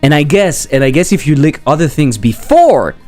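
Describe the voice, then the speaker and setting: A man's voice: a little high, expressive, normal speed, a little mellow, faint music behind. A man with a French accent, a game developer chatting casually on a livestream, rambling and joking as he reads chat aloud.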